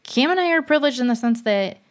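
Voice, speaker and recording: A woman's voice: a little high, expressive, fast. Young woman talking straight to camera, chatty and blunt, lots of likes and ums. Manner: frank, chatty, many fillers and restarts. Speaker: vlogger. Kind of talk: casual storytelling monologue.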